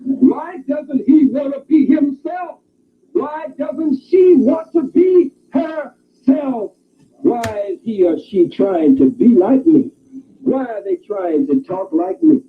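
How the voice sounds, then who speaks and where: A puzzled, disdainful onlooker firing off questions in disbelief, as a man acts him out. The voice is high, and the recording is narrow and phone-like. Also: lively intonation, slow, a little hiss or hum, full character voice. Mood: baffled. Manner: incredulous, questioning. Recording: tinny phone-like archive recording.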